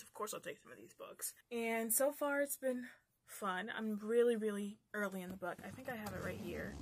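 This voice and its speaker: A woman chatting casually about the books she read, candid and ranty, swearing freely as she goes. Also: mid-range voice. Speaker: book vlogger. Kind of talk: casual book review chat.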